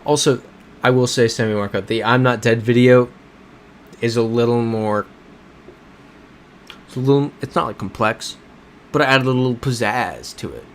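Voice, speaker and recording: While playing a geography game on a casual livestream, a man answers chat and talks in a rambling, self-correcting way. He has a mid-range voice at a moderate pace with frequent pauses, heard through a desk microphone over slight background noise.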